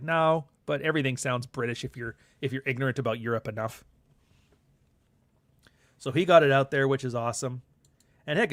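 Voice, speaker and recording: A man in a casual vlog monologue, speaking at a mid-range pitch. He rambles candidly and swears freely as he talks. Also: fairly bright tone. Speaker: podcast host and author.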